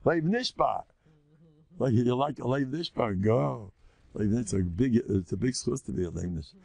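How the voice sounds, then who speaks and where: An older man, a rabbi, giving a Torah lecture in an animated way, acting out inner voices and mixing in Hebrew and Yiddish terms. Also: mid-range voice, normal speed, gravelly, dry recording. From United States.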